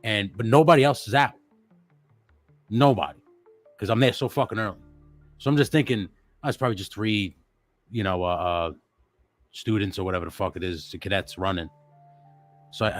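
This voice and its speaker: Man, young adult, lowish voice, cursing, rambling, casual ghost story. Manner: profane, rambling, with restarts. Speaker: livestream co-host.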